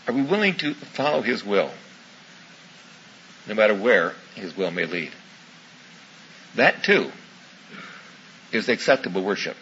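A man preaching a sermon in a folksy storytelling manner, in a muffled recording with faint hiss. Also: medium pitch. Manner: folksy storytelling, warm asides, chuckles.

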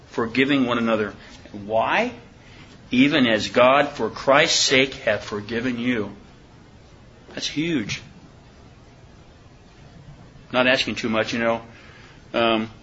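A man leads an informal Bible study in a bright, clear voice. He reads scripture slowly and deliberately, then breaks off to question his listeners. The recording is dull and lo-fi, with a faint hiss underneath. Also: mid-range voice. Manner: conversational, asks the listeners questions. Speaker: preacher.

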